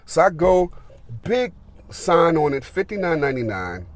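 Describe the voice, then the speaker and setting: A man's voice: a little high, moderate pace. Rambling man telling a story. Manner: rambling, filler-heavy, animated retelling. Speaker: gardening vlogger. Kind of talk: casual storytelling.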